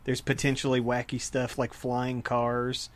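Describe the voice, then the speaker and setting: A man's voice: medium pitch, monotone, unhurried. A man hosting a podcast, telling goofy stories in casual chat and laughing often. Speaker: podcast host.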